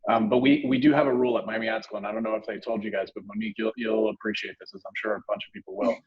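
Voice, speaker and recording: A man's voice: on the low side, steady tone, rapid-fire. Rambling male instructor on a muffled call. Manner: rambling, filler-heavy. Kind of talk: casual video call discussion. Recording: muffled lo-fi audio.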